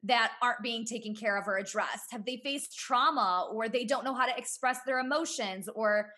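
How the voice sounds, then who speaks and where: A woman's voice: on the high side, moderate pace. Earnest woman guest, former teacher. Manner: earnest, talks through ideas with frequent "you know" and soft laughs. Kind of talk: casual podcast conversation.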